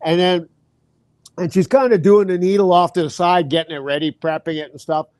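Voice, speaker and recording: A man's voice: high voice, fairly quick, no room sound. A middle-aged man telling a family anecdote in casual chat, acting out the quotes. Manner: animated anecdote with acted quotes and laughs. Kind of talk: casual storytelling.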